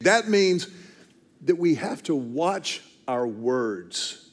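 A man in his fifties preaching a sermon, telling family stories and slowing down hard to stress key phrases. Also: high voice. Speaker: pastor.

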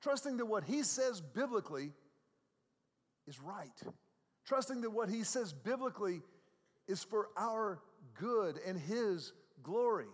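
A man preaching a sermon as a pastor. He talks in a conversational way, often repeats words, and swings between soft, quiet passages and loud, raised ones. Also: high-pitched, big-room sound.

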